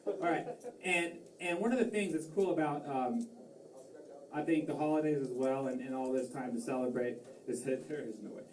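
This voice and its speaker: Rambling stand-up comic in a roomy club. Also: male voice, medium pitch, normal speed. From Massachusetts. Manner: rambling, self-deprecating, lots of fillers and restarts. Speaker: stand-up comedian. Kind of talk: stand-up comedy set. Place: comedy club stage. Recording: roomy club sound from a distance, faint crowd ambience.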